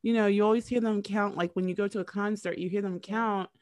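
A woman from North America interviewing a guest in casual chat. She is animated, acts out little quotes and uses lots of "like". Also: mid-range voice, a little fast, no echo, studio quality.

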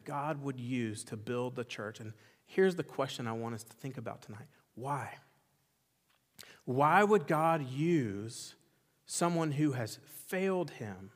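A pastor preaching a sermon with impassioned, emphatic repetition, swinging between loud exclamations and quiet intensity. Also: male voice, mid-range voice. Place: church sanctuary. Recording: long reverb of a large church hall.

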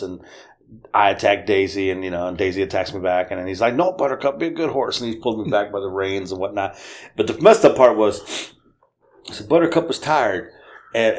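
A man in his fifties on a podcast, telling casual family stories and acting out the voices with a laugh. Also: fairly low pitch. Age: 50s. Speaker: podcast host. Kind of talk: casual storytelling chat.

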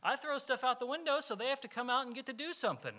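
A man voicing a grown man who calmly explains an odd belief in an earnest, matter-of-fact way. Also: very high voice, quick pace, pitched above the performer's own voice.

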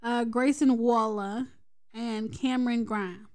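A woman's voice: on the high side, steady tone, slow, darkish tone. Woman reading out the podcast lineup. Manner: reads out the match card, teasing. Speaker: podcast co-host. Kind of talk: casual chat.

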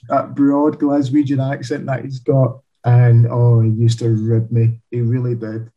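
A man speaks as an author in a relaxed interview, with a husky edge to his voice. He tells long anecdotes and laughs as he goes. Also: medium pitch, unhurried, hardly any pauses, low-quality recording. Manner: chatty storyteller, laughs while telling anecdotes. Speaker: author and guest. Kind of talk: casual interview chat.

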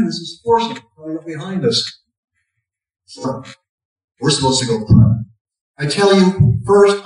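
Folksy preacher man, very echoey and distant. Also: fairly high pitch. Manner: folksy, self-mocking humor, rising emphasis on punch lines. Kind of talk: sermon with storytelling.

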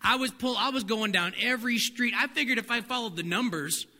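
Middle-aged man preaching, high and bright, reverby church hall, faint hiss. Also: brisk. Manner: animated storytelling with laughs and acted-out dialogue; drops soft and low for spiritual points. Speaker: pastor. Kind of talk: sermon.

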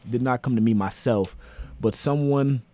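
A man's voice: mid-range voice, normal speed, crowd noise. A man hosting a casual podcast, speaking earnestly and repeating himself as he gathers his thoughts. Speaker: podcast host.

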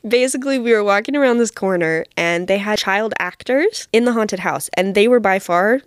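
A woman's voice: medium pitch, normal speed, clean tone, no room sound, clean studio sound. Chatty young woman telling a funny story. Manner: chatty, self-deprecating, laughs often. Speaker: podcast host. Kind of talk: casual solo podcast storytelling.

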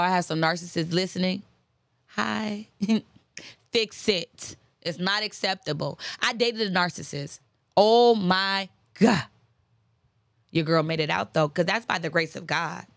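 Emphatic woman with a gravelly voice. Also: fairly low pitch, a little slow, long pauses, fairly bright tone, no room sound, studio quality. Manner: chatty and emphatic, preaching asides, laughs often; repeats phrases for emphasis. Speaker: host. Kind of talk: casual faith-based talk on forgiveness.

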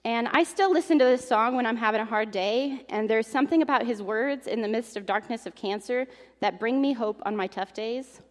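Young woman preacher, earnest, somewhat high voice, long hall reverb. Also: fairly quick. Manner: earnest, emotional, reads aloud from an article. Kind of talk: sermon.

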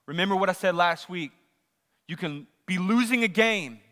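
A man preaching a sermon as pastor, swinging between loud rising questions and hushed asides. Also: high voice, expressive, normal speed, long reverb tail. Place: church sanctuary.

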